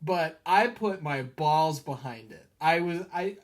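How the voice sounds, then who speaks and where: A man chatting casually on a movie review podcast. He tells stories with animated energy and breaks into laughter often. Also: fairly high pitch, slow pace. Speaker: podcast co-host.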